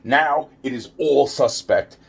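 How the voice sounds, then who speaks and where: A man's voice: medium pitch, slow pace, creaky, breathy edge. A man talking straight to camera in a rambling, profane vlog rant, repeating himself and stumbling over restarts. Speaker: vlogger. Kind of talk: ranting vlog monologue.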